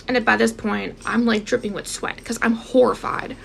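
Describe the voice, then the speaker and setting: A young woman telling a personal story in a casual, animated way, speaking straight to her viewers and acting out what people said. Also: fairly high pitch, moderate pace, vocal fry, few pauses, a little hiss or hum. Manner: animated, addresses viewers directly, acts out quotes.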